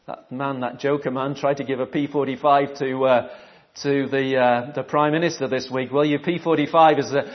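A man with a fairly high voice preaches to his congregation in a relaxed, conversational way. He asks the room questions, then repeats his key phrases for weight. The recording sounds dull and lo-fi. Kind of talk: sermon.

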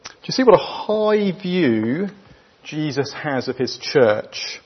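A man with a British accent preaching a sermon to a church, emphatic and full of rhetorical questions, leaving weighty pauses between his phrases. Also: a little high, sing-song, slightly rough. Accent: British English. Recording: dull lo-fi recording.

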